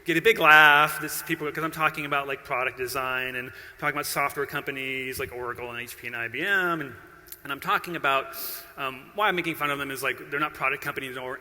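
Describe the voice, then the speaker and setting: A man's voice: medium pitch, pushed and bright. A middle-aged man giving a conference talk, playful and self-deprecating, bantering with the audience. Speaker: conference keynote speaker. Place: large conference hall. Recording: long hall reverb.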